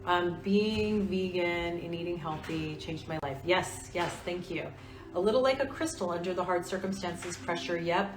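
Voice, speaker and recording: A woman in her forties hosting a casual live stream, talking in an earnest, confiding way about crystals. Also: sits low. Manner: soft-spoken, earnest, confiding. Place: room with other people. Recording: roomy, distant mic.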